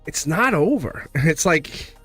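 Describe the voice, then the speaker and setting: A man's voice: fairly high pitch, sing-song, takes it slowly, a bit bright, slightly rough, faint music behind. Blunt laughing male tarot reader. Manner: blunt, laughs often, acts out voices. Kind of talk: live tarot reading.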